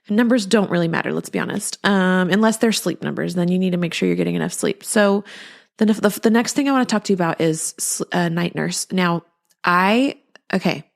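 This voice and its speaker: A woman's voice: mid-range voice, vocal fry. A sleep-deprived woman in her thirties hosting a podcast in casual chat, rambling with restarts and frequent laughs. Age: 30s. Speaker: podcast host.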